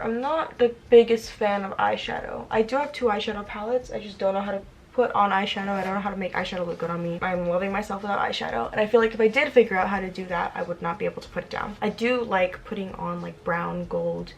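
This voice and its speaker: A woman in her twenties talks through her makeup routine in a casual, rambling way. She is chatty and self-deprecating, and her voice sits at an ordinary middle pitch. A faint hum of noise runs under the recording. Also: a little fast, gravelly, few pauses. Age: 20s. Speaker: vlogger. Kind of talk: casual get-ready-with-me chat.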